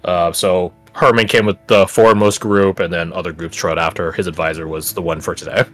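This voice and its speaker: Low-voiced man running a tabletop game. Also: steady tone, fairly quick, a bit bright, faint music behind. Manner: narrates scenes and voices characters, with some hesitation. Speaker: game master.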